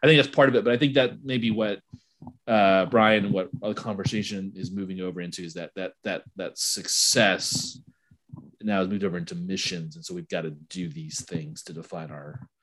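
Low-pitched male co-host, relaxed and halting, often restarting his thoughts. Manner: halting, with many restarts and laughs. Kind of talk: casual conversation about ministry. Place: at home late at night.

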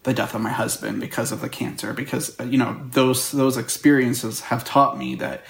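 Gravelly man in an echoey room. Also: mid-range voice, fairly even intonation. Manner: open, halting, reflective. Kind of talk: casual conversation.

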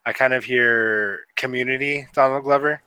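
A man's voice: medium pitch, fairly even intonation, normal speed, bright, forceful tone, smooth, no echo, low-quality recording. A man co-hosting a casual movie review podcast, rambling with lots of fillers and laughter. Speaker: podcast co-host.

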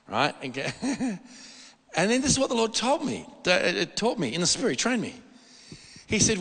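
A man preaching a sermon in a church hall, animated and repetitive, often restarting his sentences. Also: sits high, measured pace, husky. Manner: animated, repetitive, excitable delivery with frequent restarts. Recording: long reverb of a hall.

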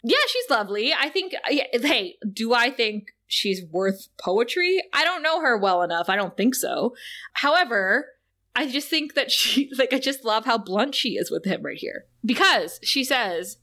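A woman co-hosting a podcast, recapping a show in casual chat, animated and laughing often as she acts out quoted lines. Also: fairly high pitch, measured pace. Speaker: podcast co-host.

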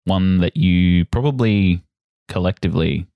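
Deep-voiced male game master. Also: measured pace, smooth, no room sound, dull audio. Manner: relaxed, descriptive narration. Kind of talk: narrating a tabletop game.

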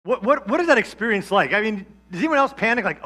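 Bright, high-voiced male pastor preaching. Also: lively intonation, quick pace. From Georgia, USA. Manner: conversational, humorous asides. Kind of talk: sermon.

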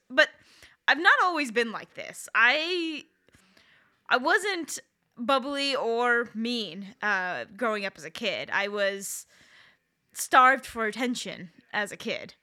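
A woman in her thirties chatting casually as a podcast co-host, with a bright, crisp, slightly high voice. She tells her stories in a candid, wry, self-deprecating way. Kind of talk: casual chat.

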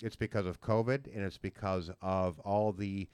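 Low voiced guy hosting a chatty podcast, keeps restarting sentences, dry sound. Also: fairly even intonation, moderate pace, darkish tone, smooth, dry recording. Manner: rambling, with frequent restarts and fillers. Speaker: podcast host. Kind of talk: casual chat.

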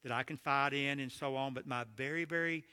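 Bright, joking man preaching in a hall. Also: mid-range voice, a little fast, clean tone. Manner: storytelling with jokes, animated asides. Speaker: marriage conference speaker. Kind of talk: humorous sermon talk. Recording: long hall reverb.

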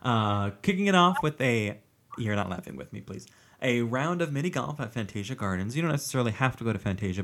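Low-voiced joking male podcast host. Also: fairly bright tone. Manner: joking, self-mocking, rambling with fillers. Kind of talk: casual chat.

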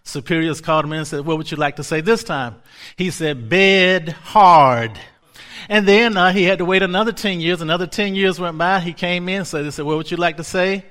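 A man delivers a sermon with earnest conviction. His voice sits a little high for a man, and he repeats key phrases to press them home. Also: fairly even intonation, quick pace, a bit bright. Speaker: preacher.

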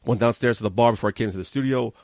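Fast-talking gravelly New man. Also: medium pitch, a little mellow, no room sound. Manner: profane, agitated and rambling. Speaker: podcast host. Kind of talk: casual storytelling rant. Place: studio.

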